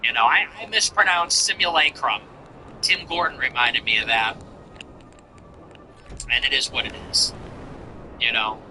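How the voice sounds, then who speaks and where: A man's voice: medium pitch, a little slow, long pauses, bright, forceful tone, soft background music, rough recording. A man hosting a solo political commentary show, sarcastic and mock-sympathetic, often breaking into laughter.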